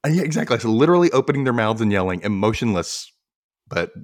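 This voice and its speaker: A man hosting a podcast, recapping a TV episode in a casual, animated way with frequent laughter. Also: medium pitch, fast, no echo, studio quality. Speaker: podcast host.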